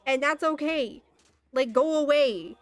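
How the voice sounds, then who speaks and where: Young woman, high voice, dry close sound, exasperated rant, lots of swearing. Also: measured pace, no echo, soft background music. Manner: exasperated, swears often, laughs in disbelief. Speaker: streamer. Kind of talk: casual ranting monologue.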